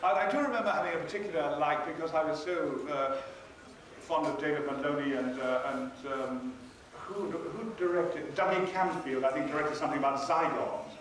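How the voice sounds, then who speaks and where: A man's voice: on the high side, normal speed, a bit bright. An older man, a convention panel guest, telling dry, theatrical anecdotes to an audience. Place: large hall at a convention. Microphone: recorded from far off by an audience camera. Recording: echoey hall from far off, noisy.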